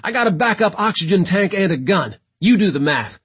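A man voicing a brash, joking spaceman in an audiobook, louder and higher than his narration. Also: big pitch swings, a little slow, slightly rough, full character voice. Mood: cocky. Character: cocky male spaceman, reckless and grinning.

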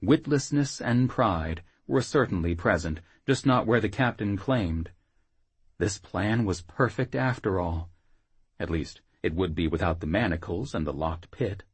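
A man narrating an audiobook in a measured, low-key way. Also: slightly rough, no room sound.

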